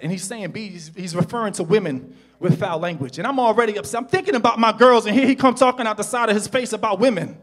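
A middle-aged male pastor preaching a sermon in a church, telling a personal story that swings from hushed retelling to shouted preaching. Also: sits high, quick pace.

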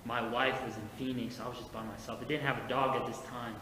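A man preaching a sermon as pastor, moving from quiet personal storytelling to emphatic preaching. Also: medium pitch, level tone, fast talker. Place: church sanctuary. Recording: echoey church hall with faint noise.

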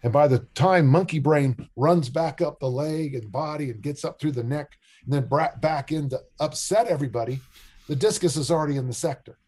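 With a fairly high pitch and a slightly fast delivery, an older man who coaches strength and discus tells joking stories during a podcast interview. His storytelling is animated and playful.

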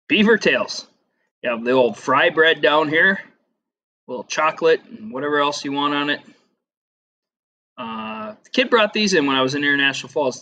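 A man's voice: mid-range voice, bright, forceful tone. A middle-aged man teaching a casual classroom lesson over slides, chatty and rambling with lots of fillers and asides.

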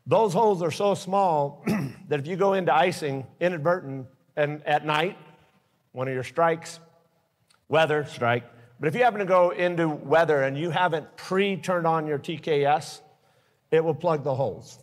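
A man's voice: fairly high pitch, moderate pace. A man giving a live aviation safety talk to pilots, earnest and openly emotional, with blunt warnings. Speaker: speaker at aviation safety forum. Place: forum at an airport hangar venue. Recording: long reverb from a large hall.

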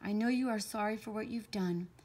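A kind, gentle man from a children's storybook, as a woman reads him aloud. His voice is soft and breathy, calm and caring even when urgent. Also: medium pitch, a little fast, lightly acted. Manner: gentle and tender.

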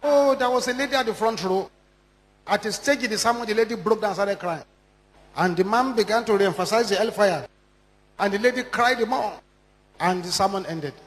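A man preaching a sermon, emphatic and repetitive, with sharp rises and drops in his delivery. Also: high voice, moderate pace. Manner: emphatic, repeating lines with strong rises and drops. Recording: long hall reverb.

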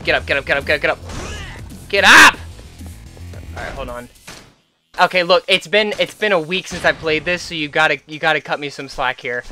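A young man giving let's-play commentary, excitable and quick to yell at the game in frustration, with self-mocking trash talk. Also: fairly high pitch, faint music behind. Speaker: gaming channel host.

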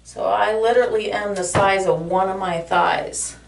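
A woman's voice: medium pitch, fairly even intonation, moderate pace, creaky, far from the mic, noisy background. A woman talking to her viewers in a casual vlog from her bathroom, emotional and heartfelt. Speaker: vlogger. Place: home bathroom. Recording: echoey room, voice a bit off-mic.

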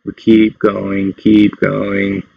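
A man's voice: fairly low pitch, monotone, extremely slow, gravelly, husky, dry recording. A man hosting a casual tech tutorial, explaining things in a loose, meandering way. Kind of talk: casual screen-recorded tutorial. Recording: dull lo-fi dry sound.

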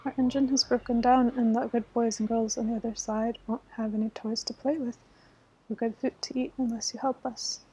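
A little crowd of storybook dolls and toys begs for help in a whispered role-play, as a woman reads them. The whisper is breathy and mellow. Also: on the high side, little pitch movement, brisk, low-quality recording. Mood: pleading. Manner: pleading. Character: chorus of pleading dolls and toys.

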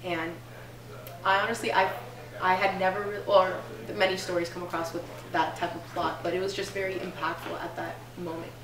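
A woman's voice: lowish voice, flat delivery, a little fast, a crowd in the background. A young woman interviewing an author, chatty and giggly, with lots of filler words. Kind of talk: casual interview questions. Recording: echoey room with faint noise.

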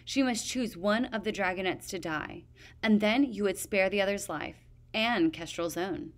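A woman's voice: mid-range voice, lightly acted. Woman playing a stubborn male dragon guard. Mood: insistent. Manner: stubborn, measured testimony.

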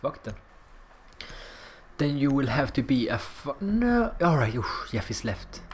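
A man giving casual gameplay commentary, excitable and profane, rambling between moments of the match. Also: medium pitch, measured pace, a little hiss or hum. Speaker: gamer.

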